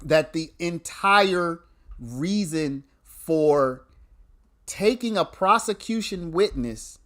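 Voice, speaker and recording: A man, hosting a casual livestream where he explains a legal argument to viewers, repeating points and restarting sentences. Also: a little high.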